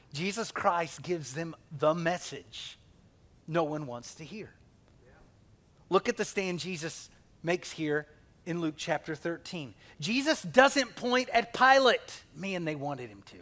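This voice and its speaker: A man's voice: on the high side, animated, takes it slowly, a bit bright. A male pastor preaching a conversational sermon, asking the congregation questions and acting out quotes.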